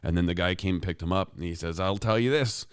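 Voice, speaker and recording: A man's voice: sits low, quick pace, clear, resonant tone, no echo, clean studio sound. A man co-hosting a casual podcast, telling a long rambling story and acting out the people in it. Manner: rambling storyteller, acts out quoted neighbor. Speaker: podcast co-host. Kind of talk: casual chat. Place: rural home shop.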